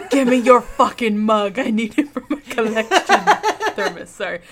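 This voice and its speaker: A woman's voice: a little high, sing-song, a little slow, a bit bright. A woman giving a mock-dramatic reading of a forum post in a comedy chat, often laughing.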